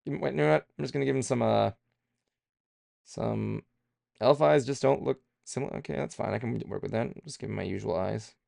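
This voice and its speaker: A man's voice: mid-range voice, brisk, gravelly, a little mellow, dry recording, studio quality. A man streaming himself drawing, thinking aloud in a rambling, self-deprecating way with many fillers. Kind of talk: casual streaming chat while drawing.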